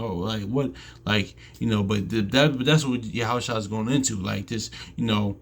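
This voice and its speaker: A man talks through scripture in a relaxed teaching style, reading verses aloud and pausing to explain them. His voice sits low, with a gravelly, husky edge. He speaks haltingly, restarting phrases and often tagging them with "man".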